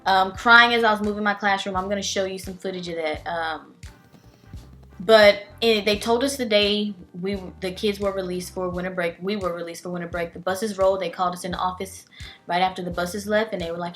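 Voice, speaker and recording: A woman's voice: medium pitch, fairly even intonation, a little fast, a bit bright. Young woman, casual vlog talk, candid and emotional, mid-range voice, faint music behind. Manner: candid and emotional, with many "um" and "like" fillers. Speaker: teacher and vlogger. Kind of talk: casual vlog life update.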